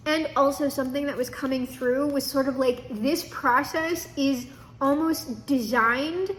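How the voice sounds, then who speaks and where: Young woman, high voice, chatty tarot reader who swears freely, faint room hum behind her. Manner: chatty, swearing, laughing asides. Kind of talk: casual tarot reading to camera.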